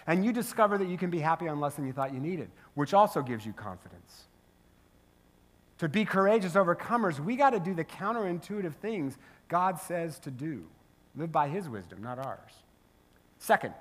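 A man's voice: sits high, moderate pace. A man, a pastor, preaching a sermon in church, telling stories and often asking "right?". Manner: storytelling, animated, asks the crowd "right?". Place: church sanctuary.

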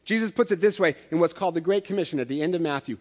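A middle-aged pastor with a drawl delivers a sermon to his congregation. His voice sits high for a man, and he moves easily between light, joking stories and earnest teaching. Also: very fast. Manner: conversational storytelling with humor.

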